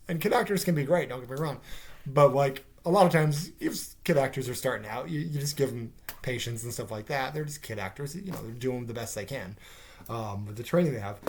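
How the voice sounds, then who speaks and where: A man's voice: mid-range voice, fairly quick. Rambling, sarcastic man reviewing a show. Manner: rambling, profane, sarcastic, with many fillers. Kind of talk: casual spoken episode review.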